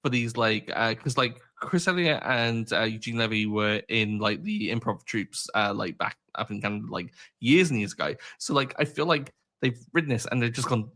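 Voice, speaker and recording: Male co-host with a crisp bright voice, relaxed rambling podcast chat. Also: medium pitch, normal speed, hardly any pauses. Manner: rambling, full of "like" fillers. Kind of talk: casual chat.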